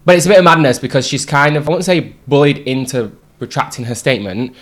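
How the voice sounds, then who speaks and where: A man's voice: mid-range voice, animated, fast talker. A young man telling stories in a casual chat, laughing often and swearing.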